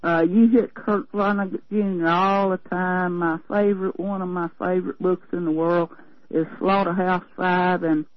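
A woman's voice: on the low side, fairly even intonation, normal speed, no echo. An older woman from Tennessee with a Southern accent, chatting with a folksy, meandering manner as a radio caller. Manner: folksy, meandering, many fillers and restarts. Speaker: radio call-in listener. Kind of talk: rambling phone chat. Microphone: telephone. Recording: dull lo-fi phone line.

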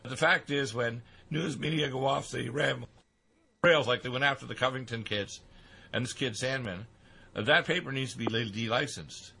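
Husky, bright-toned man, halting. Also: medium pitch. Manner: halting, stumbling, demanding. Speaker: speaker in a played clip. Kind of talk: opinion talk.

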